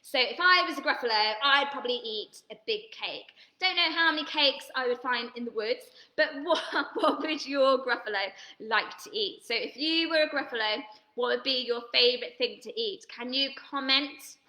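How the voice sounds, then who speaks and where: A woman's voice: high-pitched, moderate pace, sharp tone, roomy sound. A woman leading an online drama workshop for children, cheerful and reading out viewers' comments, laughing and gasping often.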